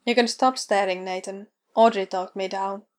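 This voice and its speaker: A woman's voice: mid-range voice, steady tone, normal speed, lightly acted. A woman reading the lines of a grudging, sarcastic grown man in a story read aloud.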